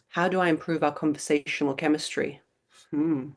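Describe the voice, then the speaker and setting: A woman's voice: deep voice, steady tone, moderate pace, a little mellow. A woman in her thirties hosting a live webinar Q&A, answering viewer questions with blunt, emphatic advice and lots of rhetorical questions.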